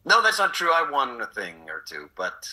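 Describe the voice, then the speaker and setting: Speaking at a normal speed in a mid-range voice, this middle-aged Texan actor chats as an interview guest, animatedly telling stories and performing the voices in his quotes. The audio is poor.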